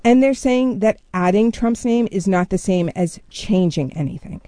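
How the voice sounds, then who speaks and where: In a dry recording, a woman with a mid-range voice works through a story as a culture correspondent on radio news. Her explanation stays measured and steady throughout the interview.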